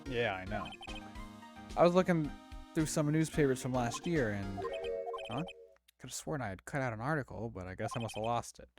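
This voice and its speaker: A man's voice: medium pitch, expressive, fairly quick, long pauses, close to an everyday voice. Man playing a young defense attorney, anxious, exclaiming, game music under. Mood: worried.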